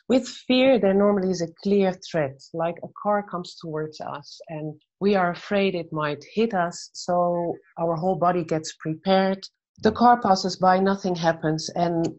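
Gentle woman speaking on faith. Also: fairly low pitch, dull audio. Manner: gentle, measured, tells stories. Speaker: guest speaker on faith and anxiety. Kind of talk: calm faith-based conversation.

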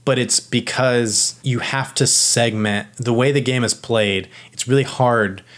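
A man's voice: medium pitch, steady tone, measured pace, a bit bright. A man in casual chat explaining football rules, rambling with many restarts and fillers. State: out of breath.

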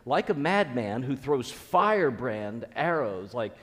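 A man's voice: mid-range voice, sing-song, takes it slowly, fairly bright tone, long reverb tail. A man preaching a conversational sermon as a pastor, earnest, repeating key phrases and restarting his sentences.

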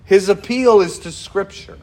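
Animated man preaching a casual sermon. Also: high voice, unhurried. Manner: animated, conversational, acts out quoted dialogue. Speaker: pastor.

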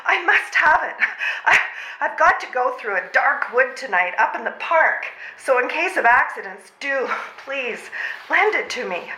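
A woman's voice: high voice, very animated, unhurried, bright, forceful tone, heavily acted. A woman plays a worn-out, frantic mother and civil servant in a live stage comedy reading, overwrought, sighing and out of breath. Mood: desperate pleading. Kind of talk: readers' theatre stage comedy. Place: old train station before a live audience. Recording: roomy hall sound.

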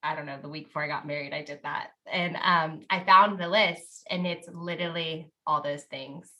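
A woman guest on a podcast, sharing a candid faith story in an earnest, animated way, full of "like" and quick laughs. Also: deep voice. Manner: earnest and animated, heavy use of "like", laughs often.

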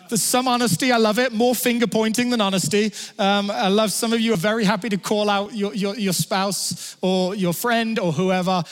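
A man preaching a sermon, telling stories in an animated way and often restarting his words. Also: high-pitched. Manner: animated storytelling with stammered restarts. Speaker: pastor. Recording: long hall reverb.

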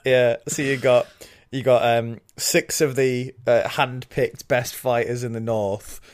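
Man, mid-pitched voice, casual podcast recap, excited, laughs easily. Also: measured pace, clean tone, faint music behind. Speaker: podcast co-host. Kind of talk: casual chat reviewing a TV episode.

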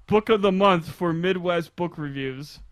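A male podcast co-host with a high voice who laughs through crude, casual banter. He sounds dry and close, with no room around him. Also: measured pace, no echo. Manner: laughs often, reads items aloud.

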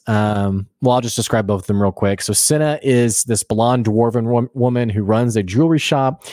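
A man in a casual recap chat, telling the story in an animated way with many fillers and quick laughs. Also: on the low side, dry recording, studio quality. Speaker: podcast co-host.

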